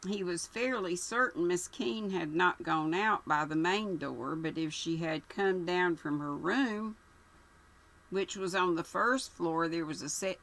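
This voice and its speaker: An older woman reading a mystery novel aloud at an unhurried pace, now and then stumbling over a word. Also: lowish voice, fairly bright tone, rough recording. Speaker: channel host reading aloud.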